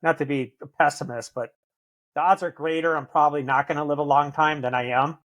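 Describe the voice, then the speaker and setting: A man's voice: a little high, fairly even intonation, brisk, fairly bright tone. A man talking as a podcast guest, blunt and earnest, swearing often in candid conversation. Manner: earnest, intense.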